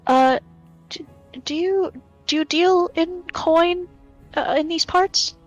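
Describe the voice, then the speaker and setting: A woman's voice: very high-pitched, slow, muffled recording, soft background music. A woman player in a casual tabletop game, talking in a hesitant way with many restarts.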